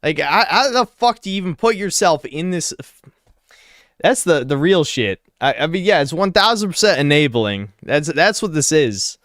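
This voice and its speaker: A man's voice: on the high side, very animated, normal speed, fairly bright tone, no echo, clean studio sound. A man giving blunt, sarcastic reaction commentary on a clip.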